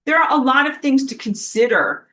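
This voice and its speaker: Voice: high voice, lively intonation, moderate pace, pushed and bright, poor audio. A spiritual teacher talking casually on a livestream, rambling with many fillers and the odd swear word, reading viewer comments aloud and apologizing often. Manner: rambling, with frequent fillers and profanity.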